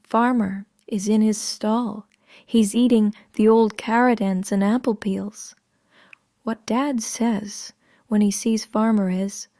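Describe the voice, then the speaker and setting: A woman narrating a story in the first person, in a slow, hushed way that often drops to a whisper. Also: medium pitch, steady tone, no room sound, clean studio sound.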